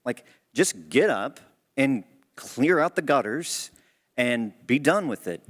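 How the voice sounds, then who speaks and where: A man's voice: medium pitch, sing-song, takes it slowly, fairly bright tone, big-room sound, pitched above the performer's own voice, heavily acted. Impatient scolding wife, put on by a man. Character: scornful wife dismissing her injured husband.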